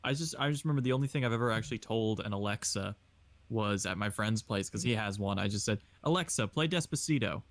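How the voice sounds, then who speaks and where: A man's voice: fairly low pitch, fairly even intonation, dry recording. A young man joking around in a casual podcast chat with friends. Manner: jokey, quick to banter.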